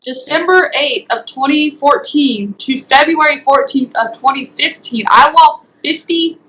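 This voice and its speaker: A young woman speaks in a bright, slightly high voice. She recounts her experiences in an interview. She talks hesitantly, full of ums and likes. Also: a little slow, rough recording. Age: young adult. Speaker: guest, former resident. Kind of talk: interview testimony.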